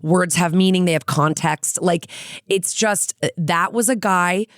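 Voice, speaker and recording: A woman's voice: on the low side, measured pace, no echo, clean studio sound. A woman co-hosting a podcast, weighing in bluntly and emphatically with some swearing. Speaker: podcast co-host. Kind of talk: casual chat.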